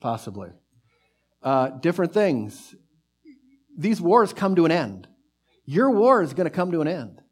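Preacher guy giving a sermon, kinda high voice, gets loud then goes real soft and slow. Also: big pitch swings. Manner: fervent, pace and volume swell then drop to soft near-whisper.

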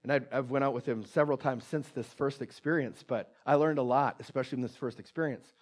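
A man preaching in a conversational way, retelling a personal story with many restarts and a hushed voice for quoted prayer. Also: mid-range voice, quick pace. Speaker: pastor.

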